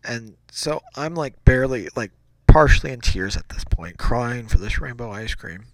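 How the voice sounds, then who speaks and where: A man's voice: medium pitch, normal speed, dry recording. A man casually telling a childhood story, rambling and correcting himself as he goes. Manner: rambling, self-correcting, animated.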